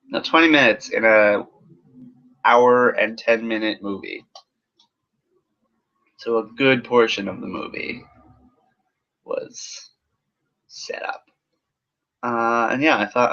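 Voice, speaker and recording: A man's voice: mid-range voice, takes it slowly, pauses often, pushed and bright. A man giving a casual, rambling film review full of sarcasm and swearing. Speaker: movie reviewer. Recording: dull lo-fi recording.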